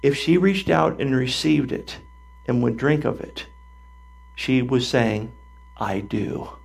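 Older male pastor, gravelly, animated storytelling sermon. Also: medium pitch, slow. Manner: animated storytelling, acting out voices.

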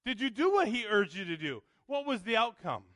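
A man's voice: high-pitched, sing-song, a little fast, pushed and bright, dry recording. A male pastor preaching a sermon, emphatic and full of rhetorical questions to the congregation.

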